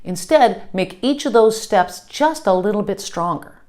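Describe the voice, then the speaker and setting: A woman's voice: medium pitch, animated, a little slow, darkish tone. A woman teaching a customer service lesson, upbeat and checking in often with "okay?". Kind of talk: instructional lesson.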